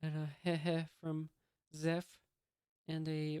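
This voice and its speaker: A casual comic reader talks in a smooth, clear voice, close and dry with no room sound. The delivery stays halting and full of fillers, with sound effects and punctuation marks read out loud and dry little asides dropped in between. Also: medium pitch, monotone, no echo.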